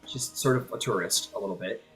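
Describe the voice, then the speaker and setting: A man's voice: fairly low pitch, brisk, a bit bright. Male game master, loose rambling narration over faint music. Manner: rambling, filler-heavy description.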